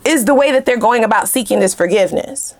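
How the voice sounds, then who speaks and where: A woman giving a casual tarot reading to her viewers in a heated, animated way, swearing freely and speaking straight to the camera with slang. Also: on the high side, quick pace. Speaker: tarot reader.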